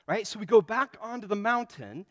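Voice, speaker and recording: A man preaching a sermon and telling stories in a lively way, with quick asides. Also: high-pitched. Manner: animated storytelling with quick asides. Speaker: pastor.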